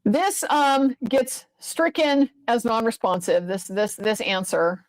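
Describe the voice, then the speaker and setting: A woman's voice: fairly high pitch, takes it slowly, no echo, poor audio. A woman lawyer giving casual, profane, exasperated commentary on a court case, rambling at times.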